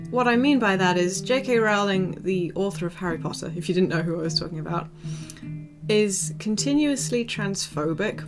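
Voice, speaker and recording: A young woman streaming, chatting casually with her viewers, rambling with many ums and soft laughs. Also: on the low side. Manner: rambling, frequent ums, soft laughs, talks to chat by name. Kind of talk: casual livestream chat. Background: soft guitar music.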